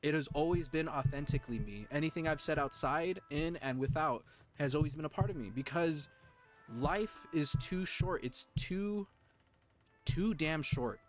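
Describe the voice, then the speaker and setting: A man streaming live, talking earnestly and emotionally to his chat, with halting restarts. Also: on the high side, lively intonation, soft background music.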